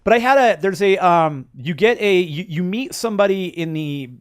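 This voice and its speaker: A man's voice: high voice, animated, moderate pace, clear, resonant tone, no echo, studio quality. A middle-aged man co-hosting a podcast, chatting casually about video games, rambling with lots of restarts and fillers. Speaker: podcast co-host.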